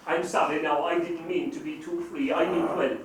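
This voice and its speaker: A man's voice: fairly high pitch, fairly even intonation, normal speed, lightly acted. A man playing a kind, apologetic stranger in an amateur stage play, heard from far off on an echoey stage. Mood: humble. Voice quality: soft-spoken and apologetic. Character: kind, humble wandering stranger. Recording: echoey stage recorded from far off with faint hiss.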